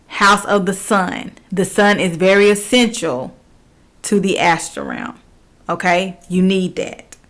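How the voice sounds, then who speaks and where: A woman's voice: mid-range voice, a bit bright. Woman teaching, checking in with "okay?". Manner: repeats points, checks in with "okay?" often. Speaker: spiritual teacher. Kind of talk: instructional talk.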